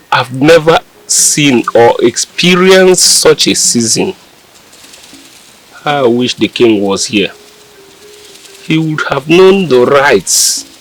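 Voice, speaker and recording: An actor with a Nigerian accent playing a troubled village elder who laments and questions what is happening. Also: male voice, mid-range voice, poor audio. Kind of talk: Nigerian film drama.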